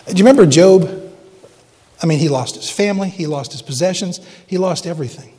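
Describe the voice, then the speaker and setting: Preacher in a reverberant sanctuary. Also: male voice, sits high, animated. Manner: earnest, dramatic readings with hushed pauses. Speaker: pastor. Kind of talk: sermon.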